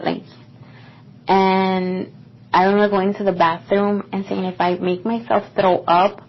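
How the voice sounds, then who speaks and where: A woman's voice: mid-range voice, flat delivery, unhurried. A young woman co-hosting a podcast, telling a personal story in a casual, rambling way with lots of fillers. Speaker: podcast co-host. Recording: dull lo-fi podcast recording.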